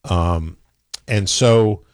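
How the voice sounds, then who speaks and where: A man's voice: on the low side, drawn-out words, no room sound, studio quality. A man co-hosting a casual chat, opinionated and rambling, often stammering and restarting.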